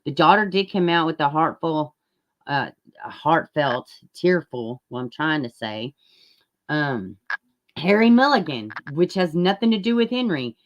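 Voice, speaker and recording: A woman's voice: sits low, animated, unhurried, muffled recording. A woman chatting casually on a live stream, rambling and greeting viewers in the chat. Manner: occasional mic dropouts. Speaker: true-crime live streamer.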